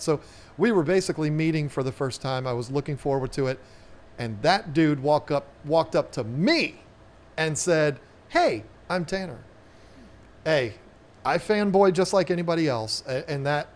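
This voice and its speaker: A man's voice: fairly high pitch, fairly quick. A man with a Southern US accent hosting a casual live chat, rambling and repeating words as he talks. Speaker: aquarium channel host.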